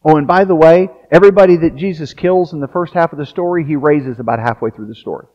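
A man's voice: on the high side, quick pace, darkish tone. A male pastor preaching a sermon, reading a long passage aloud with casual asides. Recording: dull lo-fi sound.

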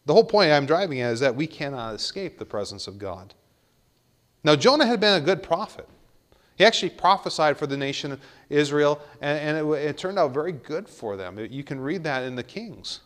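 A male pastor delivers an expository sermon in a church, his voice sitting a little higher than most men's. He reads scripture aloud and leans on repetition to press his points home. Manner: expository preaching, reads scripture aloud, repeats words for emphasis. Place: church sanctuary.

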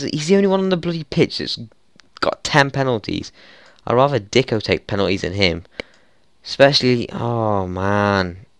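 Close-miked at his desk in a dry recording, a young man with a smooth, lowish voice narrates a football management game for YouTube, grumbling, swearing and exploding at his players in exasperation.

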